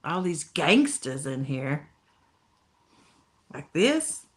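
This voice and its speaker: A woman with a broad Appalachian accent chats her way through a live stream, her pitch swinging up and down as she greets viewers. She takes her time, drawing her words out slowly in folksy, down-home phrasing. She laughs easily between comments. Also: big pitch swings. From Tennessee, USA. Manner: laughs often, folksy talk. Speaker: livestream host reading chat. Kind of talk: casual live-stream chat.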